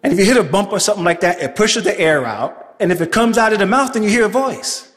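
A man doing a calm funeral home boss with a New York accent. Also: sits high, fast talker, pitched below the performer's own voice. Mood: patient. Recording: live stage with long hall reverb.

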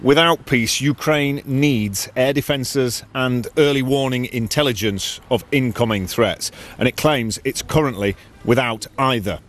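Guy doing a field news report, steady serious delivery, faint noise behind. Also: medium pitch, measured pace. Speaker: correspondent.

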